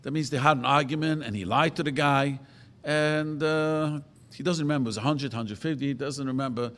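A man's voice: fairly high pitch, fairly even intonation, a little fast, fairly bright tone. A man speaking as a rabbi in an informal talk, answering audience questions with rambling stories and frequent self-corrections. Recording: long reverb of a hall.

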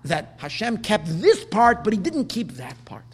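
A man teaching a Talmudic lecture, explaining the text and drawing out the Hebrew quotes slowly. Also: high-pitched, wildly swooping pitch, husky. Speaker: Torah teacher.

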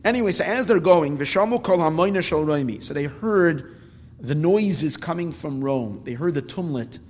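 A man's voice: a little high, moderate pace. Man teaching Torah in a reverberant hall. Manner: retells with Hebrew quotes, animated rises when emphatic. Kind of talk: Torah class storytelling.

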